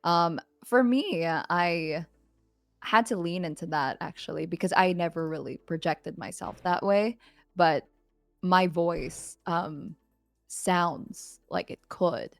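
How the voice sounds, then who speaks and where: A woman audio creator talking in a relaxed, easygoing way as a podcast guest, giving gentle advice. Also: on the low side, slow, gravelly, dry recording, soft background music. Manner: thoughtful, gives gentle advice. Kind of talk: casual podcast chat.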